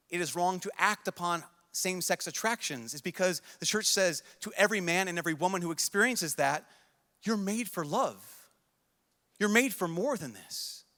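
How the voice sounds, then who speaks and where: A man's voice: sits high, bright, forceful tone. A young man, a priest, giving an earnest, pleading sermon at a youth conference, repeating himself as he talks. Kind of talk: emotional sermon to a large crowd. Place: large conference hall. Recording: long hall reverb.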